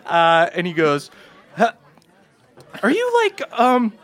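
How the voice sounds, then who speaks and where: A man's voice: high voice, wildly swooping pitch, slow, a bit bright, voice pushed up, heavily acted. A man voicing a nervous young male halfling scoutmaster who stammers and rambles.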